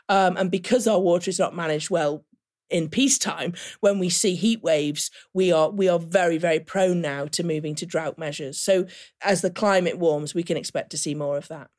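A woman with an English accent, a guest expert on a podcast, speaking in a measured, explanatory way with frequent "uh" fillers. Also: fairly low pitch. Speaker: guest expert on disaster planning. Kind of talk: podcast interview.

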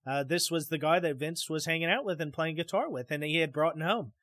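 With a brisk, high-leaning, slightly bright voice, a man hosts a podcast and rambles through a casual story, frequently starting over and talking right to listeners. The sound is studio quality with no room echo.

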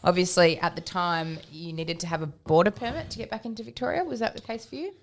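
Aussie lady co-host, chatty and animated, bit of a low voice. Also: quick pace. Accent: Australian. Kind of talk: casual radio chat.

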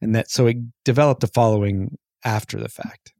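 Dark-voiced male podcast co-host. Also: fairly low pitch, fairly even intonation, creaky, no room sound, studio quality. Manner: easygoing, reading listener names with halting fillers. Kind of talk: casual chat.

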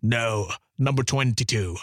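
A man voicing a possessed young woman in a low, guttural, sullen voice. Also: measured pace, no room sound, studio quality, natural voice.

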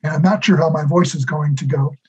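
A man's voice: fairly high pitch, fairly even intonation, a little fast, a little mellow, husky. A man in his sixties, a guest in an interview, talking in a friendly, thoughtful and modest way. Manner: friendly, thoughtful, self-deprecating. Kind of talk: casual interview conversation. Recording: dull lo-fi audio.

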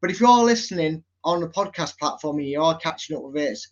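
A man's voice: on the high side, animated, fast, heavy background noise. Chatty man hosting, dull sound. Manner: chatty, teasing, says mate a lot. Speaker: podcast host. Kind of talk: casual football podcast chat.

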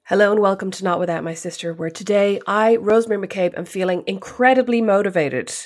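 Speaking briskly in a medium-pitched voice, a woman co-hosts a podcast. The talk is casual chat, and she pokes fun at herself along the way.

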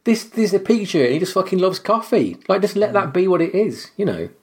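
A man's voice: high-pitched, big pitch swings, quick pace. A man co-hosting a casual film podcast, blunt and swearing often as he airs his complaints. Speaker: podcast co-host.

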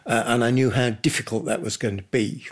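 Brief: older male interviewee, near tears, halting delivery, mid pitch. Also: steady tone. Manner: halting, with repeated words and pauses. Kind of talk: emotional recollection in interview.

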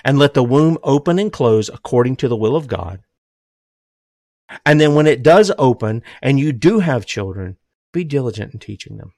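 An older man preaching an impassioned sermon. He swings between loud, emphatic declarations and low, hushed drops, and says he is emotional. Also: expressive, moderate pace, no echo, studio quality.

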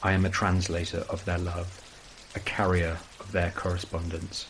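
A man reading a first-person horror story as scripted narration, in a measured, brooding way. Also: low voice, completely flat delivery, fairly bright tone, slight background noise, low-quality recording.

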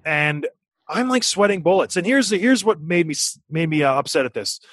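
A man in his thirties telling a story in casual chat, animated and acting out what people said. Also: a little high, a little fast, no echo. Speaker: podcast guest, former hockey player.

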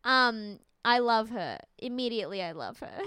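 Chatty young woman, smooth voice. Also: fairly high pitch, expressive, normal speed, pushed and bright, dry recording. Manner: chatty, laughs often, swears casually. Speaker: podcast co-host. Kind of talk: casual chat recapping a dating show.

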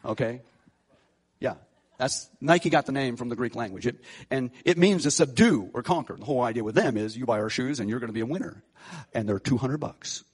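A man's voice: medium pitch, brisk, slightly rough. A middle-aged male pastor preaching a sermon, building to emphatic peaks with frequent restarts and fillers.

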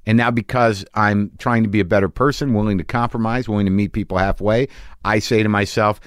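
Late 40s guy, kinda low voice, rambling self-mocking podcast host, dry close mic. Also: fairly quick, clean tone, no room sound. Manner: rambling, animated storytelling with self-mocking asides. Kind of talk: comic monologue and interview. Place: home studio.

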